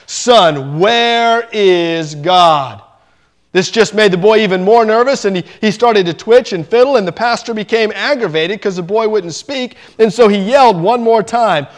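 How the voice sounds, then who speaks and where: A man preaching a sermon, telling a story in an animated way and slowing down to stress his points. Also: high voice. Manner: storytelling, animated, slows down for emphasis.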